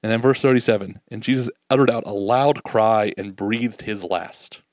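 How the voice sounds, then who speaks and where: A man preaching a sermon, reading scripture and acting out the disciples' doubts in an animated way, then dropping soft and slow to reflect. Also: on the low side, no echo.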